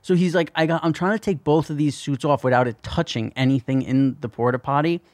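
A man's voice: on the high side, a little fast, a little mellow, no echo. Male co-host, loose chatty storyteller with frequent swearing, dry close mic. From New York. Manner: rambling storyteller, swears freely. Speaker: podcast co-host. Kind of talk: casual chat.

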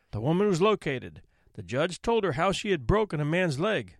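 An expressive male storyteller reads a classic tale with a lively, swooping delivery in a slightly high voice. The recording is close and dry, with no room sound. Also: normal speed, no echo. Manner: expressive, theatrical reading. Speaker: narrator. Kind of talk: storybook narration.

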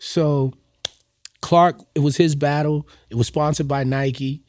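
A man, a guest rapper telling animated stories in a podcast interview and acting out what people said. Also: fairly high pitch, slow pace, no room sound. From New York. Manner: animated storyteller who acts out quotes.

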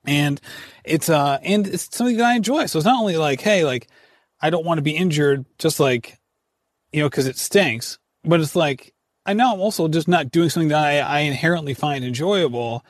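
A man's voice: fairly high pitch, a little fast, no echo, studio quality. A man around forty hosting a podcast, talking candidly in a rambling way, full of "like" and wry laughs. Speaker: podcast host and runner. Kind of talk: candid casual conversation.

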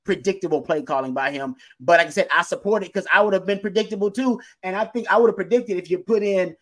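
A man co-hosting a football podcast, talking in an emphatic, animated way and laughing easily. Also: sits high, fast. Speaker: podcast co-host, football analyst. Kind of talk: casual sports talk.

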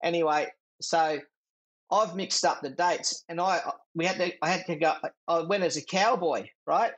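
A man's voice: on the high side, normal speed, a bit bright. A middle-aged Australian man, a former jockey, telling rambling stories with laughs in a casual interview. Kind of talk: casual chat.

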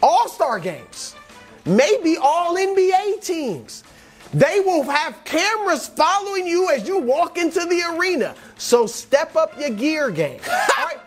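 An animated man whose voice swings widely up and down as he hypes players one by one, like a pep talk. He co-hosts a sports talk show with a soft music bed behind him. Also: very high voice, measured pace. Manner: animated, hyped motivational delivery addressed to players. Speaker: co-host.

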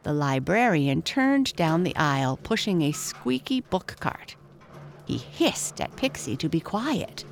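A woman reading a children's storybook aloud in an expressive, measured way. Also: lowish voice, a little hiss or hum.

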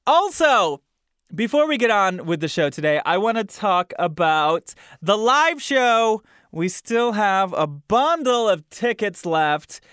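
Lively, chatty male podcast host. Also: high-pitched, takes it slowly, clean tone, no echo, studio quality. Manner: chatty, amused, trails off into asides. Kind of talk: casual chat, reading the news aloud.

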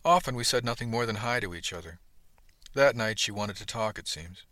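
Guy reading a sci-fi audiobook in first person, lowish voice but bright and punchy, super dry close mic. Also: brisk, no echo. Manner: steady storytelling, quiet tags. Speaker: audiobook narrator. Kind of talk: scripted first-person narration.

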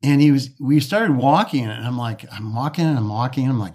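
A man's voice: medium pitch, lively intonation, fairly quick, hardly any pauses, a little mellow, breathy edge. A man from the Detroit area, a golf course architect, telling stories in a casual interview, often restarting and acting out quoted dialogue.

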